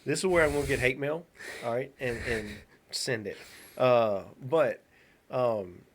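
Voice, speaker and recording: A man's voice: mid-range voice, a little slow, a little hiss or hum. A man in his thirties, a podcast co-host, chatting casually and telling a long story with many restarts. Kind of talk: casual chat.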